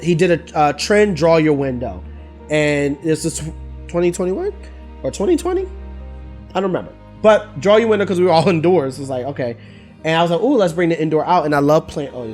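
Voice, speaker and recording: A man of thirty chats on camera about his artwork in a fairly high, light voice, candid and a little emotional, often trailing off and restarting his sentences. Faint music plays softly underneath. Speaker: artist reviewing his own work. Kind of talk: casual talking-head vlog.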